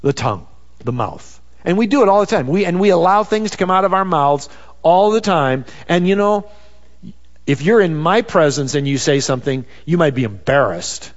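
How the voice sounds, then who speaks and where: A man's voice: a little high, animated, moderate pace. A man preaching a sermon in a conversational way, peppered with "you know.". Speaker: pastor. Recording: dull sound with long reverb.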